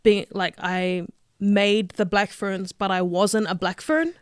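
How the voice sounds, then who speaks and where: Young aussie woman telling her story on a podcast, lively, lots of "like", dry close sound. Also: mid-range voice, takes it slowly, clear, resonant tone, no echo. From Australia. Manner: lively, laughs often, many "like" fillers. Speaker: guest, rugby player. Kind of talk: casual interview storytelling.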